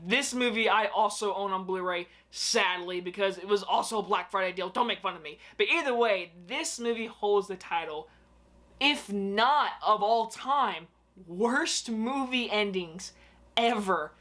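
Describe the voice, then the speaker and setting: A young man with a fairly high voice delivers a casual, ranting movie review. He talks in an animated, exclamatory way and swears freely.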